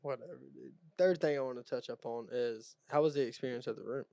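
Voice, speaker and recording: A young man co-hosting a podcast, casual chat, animated storytelling with frequent laughs. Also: mid-range voice, fast, no echo, clean studio sound. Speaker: podcast co-host.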